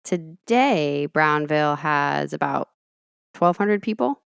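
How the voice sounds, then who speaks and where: A woman's voice: sits low, lively intonation, slow, vocal fry, clean tone, no room sound. A woman co-hosting a podcast in casual chat, with dry, teasing quips. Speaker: podcast co-host.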